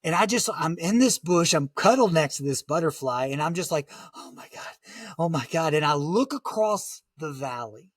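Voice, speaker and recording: A man talking through a dramatic survival story in conversation, halting and full of fillers. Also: fairly high pitch, fairly bright tone, dry recording, studio quality. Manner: vivid, halting retelling with many "like" fillers. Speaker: guest, motivational speaker.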